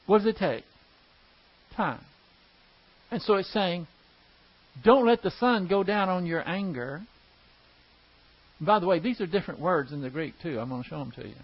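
A man's voice: high-pitched, expressive, moderate pace, pauses often, highs cut off. A man teaching a Bible class verse by verse, explaining Greek grammar step by step and asking the class questions.

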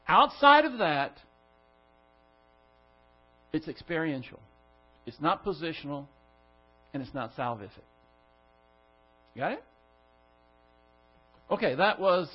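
A man with a high-pitched voice leads a Bible study, driving his points home with rhetorical questions. The recording is dull and lo-fi, with faint music underneath. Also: sing-song, unhurried, pauses often. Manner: emphatic, rhetorical questions to the class. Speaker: pastor.

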